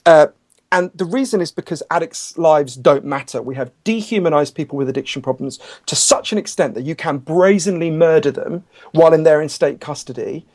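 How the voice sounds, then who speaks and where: Author guest, man, slightly raised pitch, has a cold, frank and intense. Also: brisk, darkish tone. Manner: passionate, candid, with frequent restarts. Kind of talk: conversational interview.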